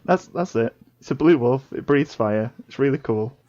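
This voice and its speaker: A woman's voice: very deep voice, animated, normal speed, warm tone, dull audio. A woman co-hosting a casual podcast discussion, speaking in short plain sentences and laughing easily. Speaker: podcast co-host.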